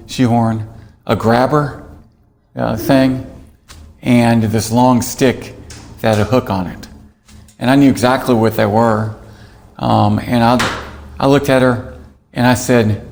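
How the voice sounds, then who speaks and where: A man with a gravelly voice, sitting mid-range in pitch. He tells his story in a candid, self-mocking way, laughing as he goes. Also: darkish tone. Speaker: guest. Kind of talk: storytelling interview.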